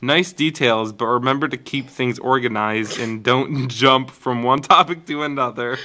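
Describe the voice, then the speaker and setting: A man's voice: mid-range voice, normal speed, pushed and bright. A young man co-hosting a podcast, giggling often as he reads old school work aloud in a casual chat. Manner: giggly, reads with frequent laughter. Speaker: podcast co-host.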